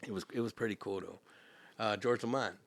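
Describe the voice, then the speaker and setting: A man guesting on a podcast, telling animated stories and acting out the people in them. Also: lowish voice, a little fast, no room sound. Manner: animated storyteller, acts out quoted voices. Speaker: podcast guest, house music MC. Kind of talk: casual storytelling chat.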